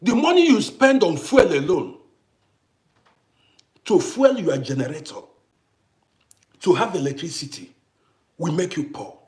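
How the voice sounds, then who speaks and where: A man from Africa rants straight to camera in a high, swooping voice. He fires off rhetorical questions and circles back over the same points again and again for emphasis. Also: very animated, a little slow, long pauses, a little mellow. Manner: ranting, rhetorical questions, repeats himself. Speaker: vlogger. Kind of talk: impassioned monologue to camera.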